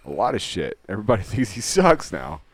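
Laid-back podcast dude, really low voice, gravelly, dry close sound. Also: male voice, sing-song, no room sound. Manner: laid-back, quick agreeing replies. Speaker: podcast co-host. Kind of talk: casual chat.

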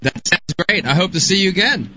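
Excitable guy hosting a call-in show, high voice jumping all over, kinda lo-fi. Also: fairly quick. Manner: excitable, loud bursts of enthusiasm. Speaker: host. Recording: dull lo-fi sound with faint noise.

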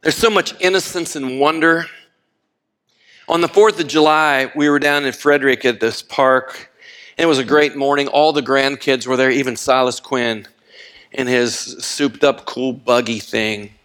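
An older man preaching a sermon, swinging from loud and impassioned to low and hushed, with folksy asides and laughter. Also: steady tone, moderate pace. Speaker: pastor.

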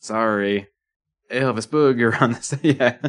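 A man co-hosting a casual movie podcast, animated and quick with film trivia. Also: medium pitch. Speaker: podcast co-host. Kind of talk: casual movie-review chat.

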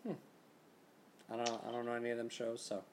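A man's voice: mid-range voice, monotone, fairly quick. A man co-hosting a casual podcast chat, tossing in short, laid-back reactions and often drifting off-mic. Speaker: podcast co-host.

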